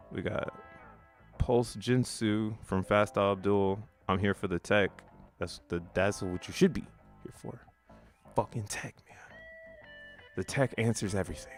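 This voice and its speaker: A man casually streaming, reading social media posts aloud with profane slang and frequent laughter. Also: on the low side. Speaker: crypto streamer.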